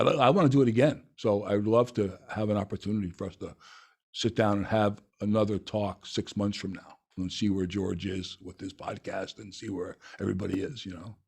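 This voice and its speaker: A man hosting a podcast interview, talking in an effusive, halting way with many restarts. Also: fairly low pitch, a little mellow. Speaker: podcast host. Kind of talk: interview conversation.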